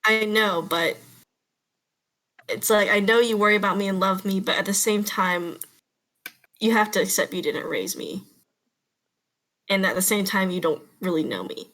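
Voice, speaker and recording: A woman's voice: medium pitch, moderate pace, long pauses, fairly bright tone, close to an everyday voice. A woman voicing a grown son in a tabletop game, a young man who is hurt and defensive and talks back frankly.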